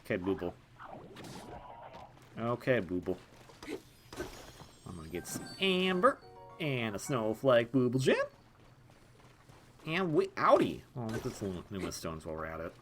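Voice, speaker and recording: A young man hosts a gaming video with casual let's-play commentary, rambling and poking fun at himself, often restarting and laughing. His medium-pitched voice swings widely in pitch, with a moderate pace and a fairly bright tone. Faint music plays in the background.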